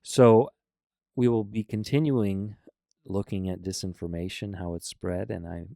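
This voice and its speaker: A man's voice: on the low side, fairly even intonation, measured pace, vocal fry, mellow, no echo. A man hosting a political reaction commentary, arguing bluntly and emphatically against what he has just played. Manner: blunt, argumentative, emphatic rebuttals.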